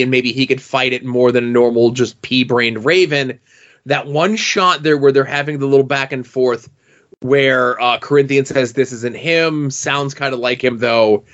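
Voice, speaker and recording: Male podcast co-host, mid-pitched, hesitant and analytical, dull lo-fi sound. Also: fairly bright tone. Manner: thoughtful, hesitant, many fillers. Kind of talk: casual comic book analysis.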